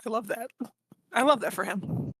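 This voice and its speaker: Bright, teasing woman player. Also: a little high, moderate pace, slightly rough, no echo, rough recording. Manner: teasing, playful. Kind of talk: casual tabletop play.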